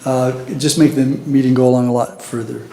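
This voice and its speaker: A Canadian man chairs a council meeting, keeping a polite, formal and measured tone. His voice stays flat and even, with little rise or fall. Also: medium pitch, creaky. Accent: Canadian English. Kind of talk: procedural chairing.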